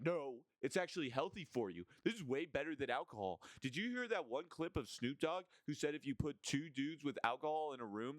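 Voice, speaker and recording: A man's voice: medium pitch, a bit bright, no room sound. A young man vlogging in a rambling, mock-serious monologue, tossing in "bro" and "right?" as he goes. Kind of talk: casual rambling monologue to camera.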